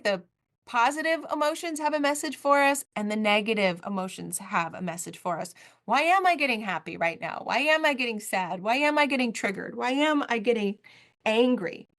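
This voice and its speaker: A woman in her forties talks through a solo podcast episode as its host. Her pitch sits in the middle for a woman, and her delivery is earnest and heartfelt. She leans on repeated phrases to drive her points home.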